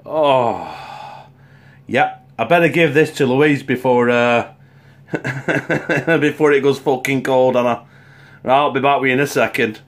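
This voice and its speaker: A man's voice: mid-range voice, a little slow, long pauses. A man, host of a home cooking channel, chatting bluntly to camera and swearing constantly. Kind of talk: casual sweary to-camera chat. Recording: echoey room.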